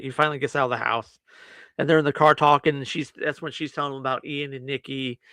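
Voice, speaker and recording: A man's voice: mid-range voice, no room sound. A man co-hosting a movie review podcast, animatedly retelling a film's plot and acting out the lines. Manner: animated storyteller, acts out quotes, laughs often. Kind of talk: casual chat, retelling a film plot.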